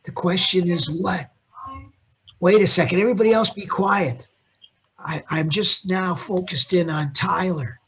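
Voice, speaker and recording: A man lecturing a class on accounting, animated and teasing, calling on students by name. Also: sits high, a little slow, slight background noise. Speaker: accounting instructor.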